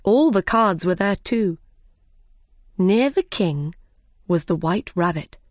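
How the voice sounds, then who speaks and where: A woman narrates a storybook in a careful, measured way. She reads very slowly at a middle pitch. The recording is dry and close, with no room sound. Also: lively intonation, no echo. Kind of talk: slow, clear storybook reading.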